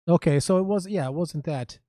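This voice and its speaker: A man, a musician guest on a podcast, telling stories in casual chat with many pauses and restarts. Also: a little high, mellow, no echo. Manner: halting, many ums and restarts.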